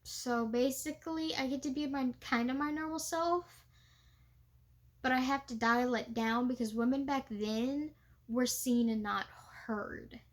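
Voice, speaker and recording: This young woman, a living history reenactor, gives a chatty, casual vlog talk peppered with fillers and laughs. Her high voice moves at an unhurried pace.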